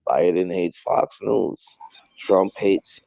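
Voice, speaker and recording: A man speaking in an interview clip, emphatic and blunt. His voice is very low, gravelly and dark. The clip sounds dull and muffled. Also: fairly even intonation, takes it slowly, no echo.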